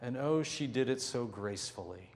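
A man preaching a sermon as pastor, telling a story vividly and slowing down to stress key points. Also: medium pitch, lively intonation, long reverb tail. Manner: vivid storytelling with slow, drawn-out emphasis.

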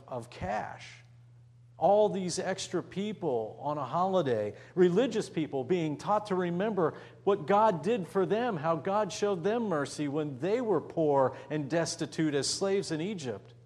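A man preaching with a lively, swooping delivery, acting out the voices in the story he tells. His voice sits a little high for a man, and he shifts from loud calls down to hushed, almost whispered words. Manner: dramatic, acts out voices, drops to near whisper. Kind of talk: sermon storytelling.

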